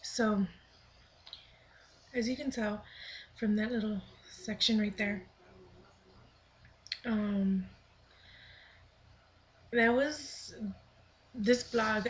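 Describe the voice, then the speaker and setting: A woman's voice: medium pitch, steady tone, slow, pauses often, a little hiss or hum. Earnest young woman vlogging, dull lo-fi audio. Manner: earnest, thoughtful, with soft half-whispered stretches. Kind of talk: reflective personal vlog, reading her own blog aloud.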